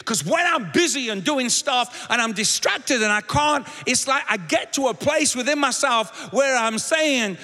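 A man's voice: extremely high pitch, lively intonation, a little slow, few pauses, pushed and bright, big-room sound. A man preaching a sermon as pastor, talking conversationally and repeating words as he goes. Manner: conversational, repeats words, shifts into acted quotes.

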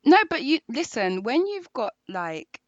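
Animated woman telling a story. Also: on the high side, measured pace, muffled recording. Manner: animated, self-mocking storyteller. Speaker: podcast co-host. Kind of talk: casual chat.

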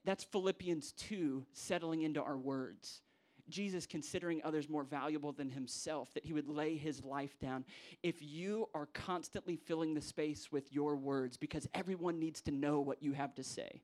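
Animated young pastor preaching. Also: male voice, moderate pace. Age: young adult. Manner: animated, acts out quoted voices with big pitch jumps. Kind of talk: sermon to church leaders.

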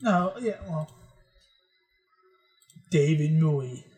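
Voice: medium pitch, expressive, very slow, darkish tone. A podcast co-host chatting casually, making sarcastic jokes about news stories. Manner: sarcastic, joking, swears. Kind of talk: casual chat reacting to online posts.

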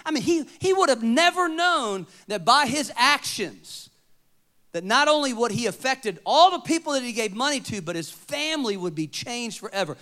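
A man preaching a sermon, moving between loud emphatic points and quiet storytelling. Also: sits high. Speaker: pastor.

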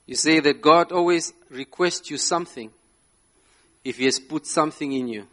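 A man's voice: fairly high pitch, normal speed, fairly bright tone. A man preaching a sermon to a congregation, emphatic, often asking "yeah?" and laughing between phrases. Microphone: slides shown, speaking to a live congregation.

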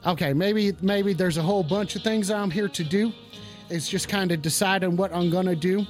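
A man's voice: high voice, normal speed, soft background music, lightly acted. A man playing a stoned, blustering cowboy host of a comedic call-in radio show, with a drawling, swaggering, profane way of rambling.

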